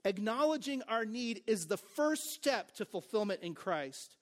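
High-voiced man preaching with joking asides. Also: sing-song, unhurried. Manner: conversational, full of "like" and "right?". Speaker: pastor. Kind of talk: sermon.

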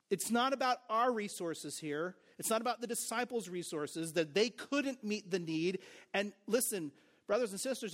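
A man's voice: high voice, a bit bright. A man preaching a sermon as pastor, in a casual, conversational way with joking asides, "like" and "right?".

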